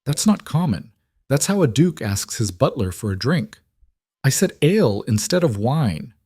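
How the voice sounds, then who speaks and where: A man reading a story aloud, voicing a poor young seamstress who talks in a brisk, practical, teasing way, close on a dry mic. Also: medium pitch, big pitch swings, a little mellow, husky, dry recording, pitched above the performer's own voice. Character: young woman, poor brave quick-witted seamstress.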